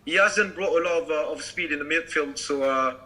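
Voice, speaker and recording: A man with a French accent whose voice sits high and sounds very bright and sharp. He speaks as a guest on a live stream, halting and searching for his words. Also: poor audio. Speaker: guest football fan. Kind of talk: casual chat on a live stream.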